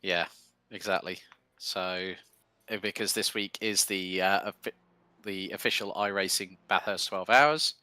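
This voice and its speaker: A man commentating a sim racing broadcast, calling the action quickly with casual fillers between remarks. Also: sits low, clear, resonant tone, no echo. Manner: fast, excitable play-by-play with fillers.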